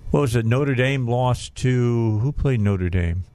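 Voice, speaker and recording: A man's voice: medium pitch, unhurried, dark tone. A man hosting a casual radio talk show, rambling and chatty, often trailing off and restarting his sentences.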